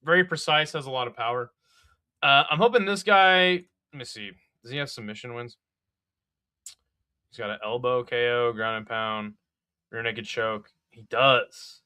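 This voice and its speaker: Young male fight-card pundit, blunt and foul-mouthed, bright lively voice, dry close mic. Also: mid-range voice, clean tone, dry recording. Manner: blunt, profane, exasperated and mocking. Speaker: MMA fight card previewer. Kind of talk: casual fight breakdown.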